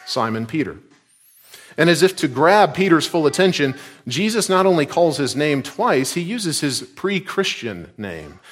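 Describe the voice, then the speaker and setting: Earnest preaching man, mid-pitched voice. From Georgia, US. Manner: earnest, emphatic, drops low and soft at line ends. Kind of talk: sermon.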